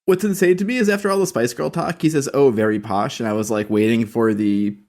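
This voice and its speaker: A man's voice: mid-range voice, brisk, a little mellow. A man co-hosting a podcast in casual chat, wry and sweary, telling anecdotes. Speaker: podcast co-host.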